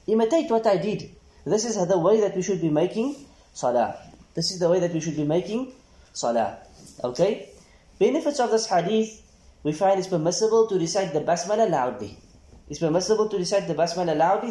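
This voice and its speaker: A man teaching a hadith class, reading Arabic text quickly, translating it, and asking the class rhetorical questions. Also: high-pitched, mellow. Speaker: Islamic studies teacher. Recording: echoey room.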